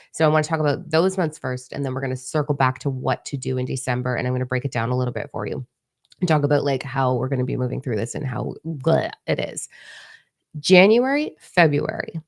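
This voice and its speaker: A middle-aged woman with a low voice talks through a spiritual live stream in a loose, rambling way. She swears freely and keeps her delivery frank and animated. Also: creaky. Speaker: spiritual channel host. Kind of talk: casual live-stream talk.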